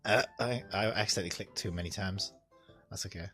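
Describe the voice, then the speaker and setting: A man's voice: low voice, brisk, fairly bright tone, soft background music. A man streaming a video game, chatting casually and bemusedly with his co-host.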